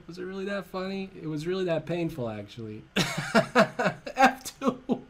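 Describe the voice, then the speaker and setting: A middle-aged man giving live chess stream commentary, excitable, talking to himself and breaking into frequent laughter. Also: sits high, unhurried.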